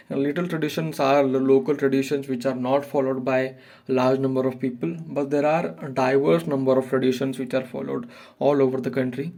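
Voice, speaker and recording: A man explaining a literary essay as a lecture, pausing often with fillers and restarting his sentences. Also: medium pitch, warm tone. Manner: hesitant, many fillers and restarts.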